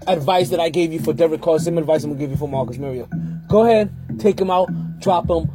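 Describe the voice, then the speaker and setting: A man's voice: on the high side, fast, over music. A man hosting a fantasy football podcast in a casual, rambling way, often repeating and correcting himself. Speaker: podcast host.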